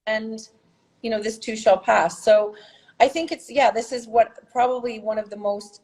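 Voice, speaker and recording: A woman who works as a healer, talking as a podcast guest in an animated, expressive way, laughing often and her pitch jumping up. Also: normal speed, low-quality recording. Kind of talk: conversational interview.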